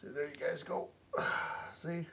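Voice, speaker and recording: A man's voice: on the high side, little pitch movement, unhurried, vocal fry, a bit bright, a little hiss or hum. A man ranting to camera from inside his house, indignant and repetitive, swearing often, recorded on a phone or camera mic. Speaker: vlogger complaining about a noisy neighbor. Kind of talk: angry profane rant to camera.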